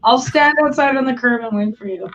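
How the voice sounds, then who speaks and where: A chatty woman on a live stream, talking casually and swearing easily, her words full of "like". Her voice sits on the high side and comes from away from the mic. The recording is dull and lo-fi. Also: brisk, a bit bright, recorded from a distance, slight background noise. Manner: chatty, swears, lots of "like" fillers. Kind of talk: casual chat.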